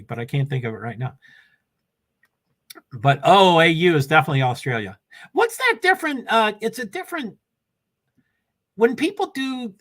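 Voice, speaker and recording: A man's voice: fairly high pitch, fairly bright tone. Rambling older man on a laptop stream. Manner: chatty and scattered, reading viewer comments aloud. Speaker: livestream host. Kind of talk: rambling casual livestream chat.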